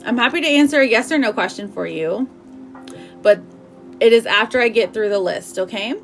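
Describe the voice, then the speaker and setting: A woman's voice: a little high, fairly quick, faint music behind. A woman reading tarot on a live stream, chatty and affectionate, calling her viewers sweetheart and babe. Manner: chatty, with frequent "like" and laughs. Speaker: tarot reader.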